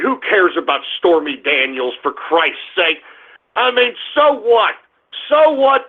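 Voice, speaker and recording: A man hosting a radio talk show, ranting in a crude, rambling, combative way and repeating himself. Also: high voice. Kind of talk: opinionated solo radio rant. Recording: phone-like narrow band audio.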